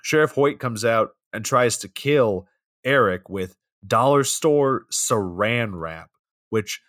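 A man's voice: mid-range voice, lively intonation, slow, fairly bright tone, no echo, clean studio sound. A young man casually recapping a film plot for a podcast, swearing freely and acting out characters' lines.

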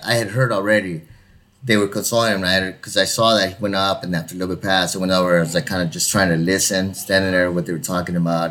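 A man telling a rambling bar story in casual chat, swearing often and acting out the people in it. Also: low-pitched. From Southern California. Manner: animated, swearing, acts out the people in his stories.

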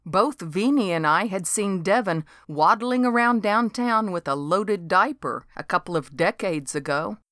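A woman's voice: medium pitch, fairly bright tone, no echo. A woman narrating a storybook in a dry, wry delivery.

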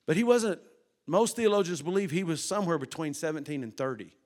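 Preacher guy, bit higher voice, goes quiet then builds up loud, keeps asking the crowd stuff. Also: expressive, a little fast. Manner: dynamic, swings from hushed to loud and emphatic; rhetorical questions to the congregation. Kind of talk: sermon.

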